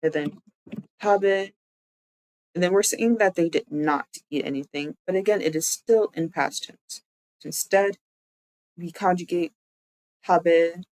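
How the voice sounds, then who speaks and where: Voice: medium pitch, a little mellow, no echo, rough recording. Streamer teaching grammar, dry close sound. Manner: explains step by step, repeating words slowly. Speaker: VTuber streamer. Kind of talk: live-streamed language lesson.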